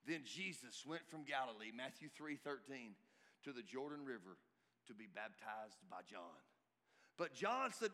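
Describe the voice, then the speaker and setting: A man preaching a sermon, emphatic and climbing to shouts at his peaks. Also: medium pitch, expressive, moderate pace. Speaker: pastor. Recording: reverberant hall.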